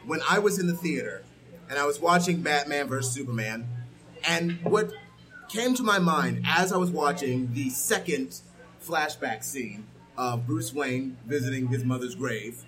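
A man in a casual comedic debate, arguing with animated exclamations. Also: fairly high pitch, low-quality recording. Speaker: debate participant.

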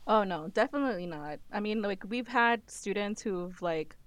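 A woman's voice: medium pitch, expressive, normal speed, dry recording. A woman with a slight Minnesota accent, chatting casually as a podcast guest co-host, laughing often and using lots of fillers.

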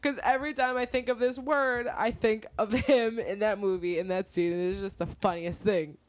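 A woman's voice: mid-range voice, fairly even intonation, normal speed, no echo. A woman chats casually as a podcast co-host, gushing and giggling often, with crude jokes thrown in. She talks close into the microphone. The sound is dry, with no room around it. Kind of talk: casual chat. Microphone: close studio mic.

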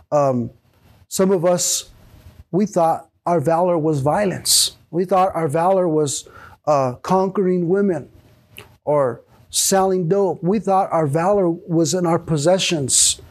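A man preaching a sermon in an earnest, emphatic way, repeating key words and slowing down to stress them. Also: on the high side, darkish tone.

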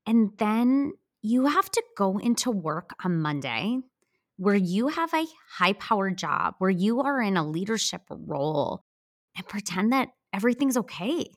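A woman's voice: medium pitch, sing-song, measured pace, no room sound, clean studio sound. A woman hosting an interview, sympathetic, going back over what her guest has shared. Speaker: podcast host.

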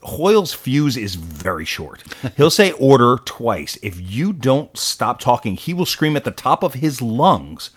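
A man co-hosting a casual political talk show, opinionated and animated, with quick asides. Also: medium pitch, slightly rough. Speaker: podcast co-host.

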